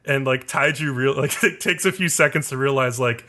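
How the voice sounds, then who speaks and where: Speaking at a normal pace with few pauses, this man has a sharp, medium-pitched voice. As a podcast co-host, he rambles through a casual anime episode recap, full of "like" and other fillers.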